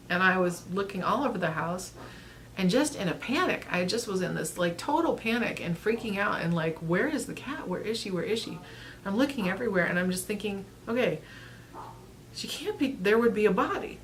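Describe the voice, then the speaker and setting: Woman vlogger, thirties, slightly low voice, rambling and earnest, light background noise. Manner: earnest, rambling, with frequent restarts and soft laughs. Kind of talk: casual storytelling to camera.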